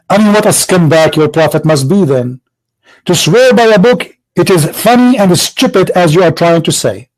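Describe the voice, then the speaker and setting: A man's voice: sits high, lively intonation, normal speed, a little mellow, low-quality recording. A man hosting a heated religious debate, taunting with repeated rhetorical questions. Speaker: debate show host.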